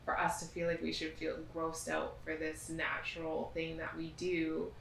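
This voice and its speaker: A woman's voice: sits low, normal speed, creaky, slight background noise. A woman in a casual group conversation, speaking earnestly and expressively. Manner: earnest, expressive, quotes others in mock voices. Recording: echoey room from a distance.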